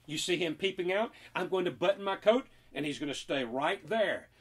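A man's voice: sits high, lively intonation, normal speed, a bit bright, husky. A man performing a magic trick and talking children through it with playful, teasing, mock-indignant patter.

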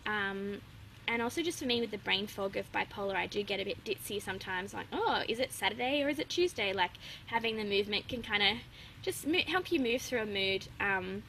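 Chatty woman with a bright voice. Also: medium pitch, brisk, vocal fry, slight background noise, low-quality recording. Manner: open, chatty, laughs often, many fillers. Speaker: guest. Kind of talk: casual interview chat.

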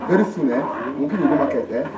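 A man's voice: medium pitch, lively intonation, quick pace, muffled recording, heavy background noise, natural voice. An actor playing a defiant young man with a Nigerian accent, sarcastically ordering a visitor out of his mother's compound. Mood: indignant. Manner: indignant, sarcastic.

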